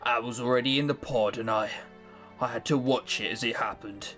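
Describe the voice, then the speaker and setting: A man voicing a cold, guarded young woman rebel haunted by loss, in a gruff, slow and grave voice, reading a game aloud. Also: steady tone, a bit bright, soft background music, natural voice. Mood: grim. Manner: slow, low and grave delivery.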